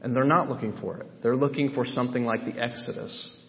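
A man's voice: mid-range voice, fairly even intonation, fast talker. A man teaching through a Bible passage in a sermon, emphatic and thinking aloud with frequent restarts. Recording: dull sound with long hall reverb.

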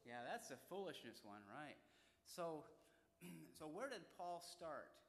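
A man's voice: a little high, big pitch swings, slow, gravelly. An older man giving a conversational Bible lesson to young students, often asking the class rhetorical questions. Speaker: Bible teacher. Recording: echoey hall.

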